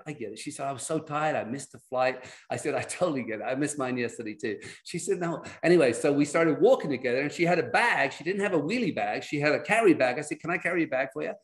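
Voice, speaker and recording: A middle-aged man telling personal stories as a guest on a video call, in lively, animated storytelling. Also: medium pitch, fast talker, hardly any pauses. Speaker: guest speaker.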